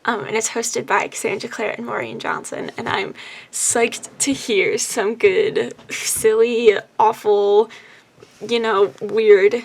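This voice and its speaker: A woman's voice: fairly high pitch, steady tone, slow, gravelly. A young woman in her twenties chatting casually in a book vlog from her bedroom, upbeat and full of "like" fillers. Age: 20s. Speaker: book vlogger. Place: bedroom at home. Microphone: camera on the bed.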